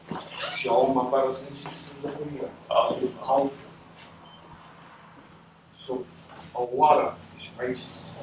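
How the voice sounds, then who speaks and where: A man, a cultural practitioner, testifying at a public meeting in slow, pleading, broken phrases. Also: mid-range voice. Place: community meeting hall. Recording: echoey hall from far off, noisy.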